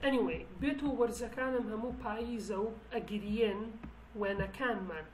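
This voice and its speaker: A woman's voice: mid-range voice, racing, darkish tone. A woman from Kurdistan with a Kurdish accent, teaching a language lesson and explaining words with frequent restarts. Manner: explanatory, with many restarts and fillers. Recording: roomy with faint background noise.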